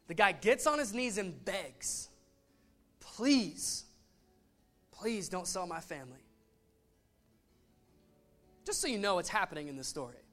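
Guy with a high voice preaching, loose and jokey, acts out the story, faint music behind. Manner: animated storytelling with voiced asides. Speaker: pastor. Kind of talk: casual sermon.

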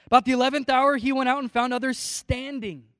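A man's voice: very high voice, steady tone, fairly quick, fairly bright tone, clean tone, dry recording, clean studio sound, big-room sound. A man preaching a casual sermon, retelling a parable and acting out the characters' lines. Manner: casual, acts out the story's voices.

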